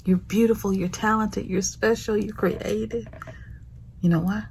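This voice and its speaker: A woman hosting her own show, giving a slow, affectionate prophetic message that often sinks into a whisper. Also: medium pitch, fairly even intonation, darkish tone, slight background noise. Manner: slow, breathy, drifts into whispers; affectionate, calls listeners honey and baby. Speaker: host. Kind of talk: prophetic motivational monologue.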